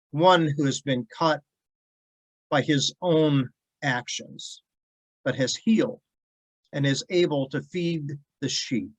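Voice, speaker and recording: Slow, earnest male pastor. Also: medium pitch, poor audio. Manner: earnest, emphatic, repeats words for stress. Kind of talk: devotional sermon with scripture reading. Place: church devotional video.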